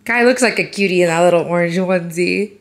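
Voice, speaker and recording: A woman's voice: on the low side, quick pace. A young woman vlogging about her day as a mother, chatting casually with lots of "like" and "you guys", her voice nasal from a cold. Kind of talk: casual vlog chat. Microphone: handheld compact camera.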